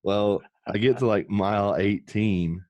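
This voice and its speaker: A man's voice: on the low side, a little slow, a little mellow, dry recording. A man, a podcast guest, telling stories in a candid, earnest way that turns emotional, with casual swearing.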